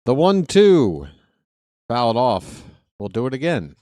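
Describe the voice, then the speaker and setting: Guy doing play-by-play on a fan stream, slow and chatty, dry close sound. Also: mid-range voice, sing-song, warm tone, no room sound. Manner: chatty, joking, fussy stickler. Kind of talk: live stream play-by-play commentary.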